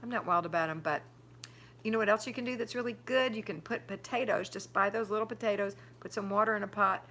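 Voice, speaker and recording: Talking fast in a mid-range voice that sounds pushed and bright, an older woman hosts a live stream over slight background noise. She chats casually, reads viewers' comments, and gives firm advice about running a home.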